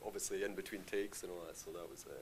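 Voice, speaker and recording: Rambling man, lowish voice. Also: fast talker. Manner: rambling, filler-heavy, says aye often. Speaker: film director guest. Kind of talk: live Q&A conversation. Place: live stage event.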